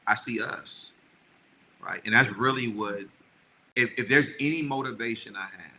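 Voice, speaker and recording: A man's voice: mid-range voice, normal speed, creaky, sharp tone, slight background noise, rough recording. A middle-aged man who co-hosts a podcast and chats earnestly and at length with his wife, often restarting his sentences. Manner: earnest, rambling with many restarts. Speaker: podcast co-host. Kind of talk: casual chat with his wife.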